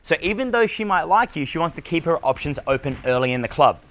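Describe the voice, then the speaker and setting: A man's voice: on the high side, animated, quick pace, a bit bright. A man with an Australian accent coaching a live seminar audience on dating, talking bluntly and swearing freely. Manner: blunt, profane, punchy delivery. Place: conference room with live audience.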